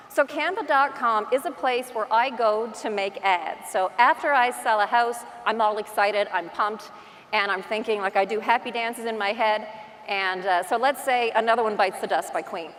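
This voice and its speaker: A woman's voice: a little high, a bit bright, long reverb tail, slight background noise. A woman with a Newfoundland accent giving a chatty, self-deprecating conference talk from a stage microphone. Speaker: real estate agent giving a conference talk. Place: large conference hall.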